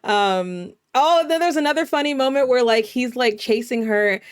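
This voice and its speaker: A woman VTuber host in a casual vlog, recapping a horror film with profane, animated storytelling full of fillers. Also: fairly high pitch, moderate pace, smooth, no echo, clean studio sound.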